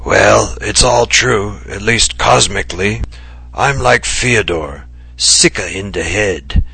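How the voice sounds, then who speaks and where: A man's voice: lowish voice, takes it slowly, gravelly, pushed and bright, slightly rough, exaggerated voice. A man doing an impish, ailing old writer. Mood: musing. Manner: mock-serious, mischievous, coughing bouts. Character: impish ailing older male writer, theatrical.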